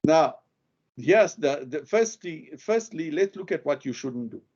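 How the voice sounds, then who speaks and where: A man's voice: fairly high pitch, expressive, measured pace, a little mellow, highs cut off. A man teaching lawyers how to question witnesses, who acts out the example questions and leans hard on the key words. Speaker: legal skills instructor. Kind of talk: lecture on courtroom questioning.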